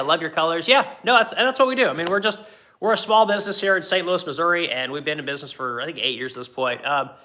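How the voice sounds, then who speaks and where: Middle-aged shop owner, rather high voice with a sharp, forceful edge, swears a lot and goes on rants to his stream viewers. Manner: blunt, profane, ranting. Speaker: furniture business owner. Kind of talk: livestream chat with viewers.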